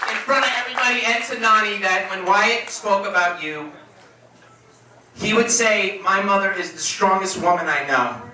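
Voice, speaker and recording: A man giving a eulogy for his best friend, telling stories in a casual, animated way with laughs and swearing. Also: high voice, normal speed, a little hiss or hum. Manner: animated, laughing storyteller who swears freely. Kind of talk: memorial speech, casual storytelling. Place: room at a memorial gathering. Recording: echoey room, distant mic, crowd.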